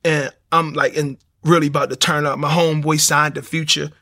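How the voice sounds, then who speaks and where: Gravelly man telling his story. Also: on the high side, level tone, brisk, bright, forceful tone. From Baltimore, USA. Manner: storytelling with acted-out dialogue. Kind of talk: personal testimony.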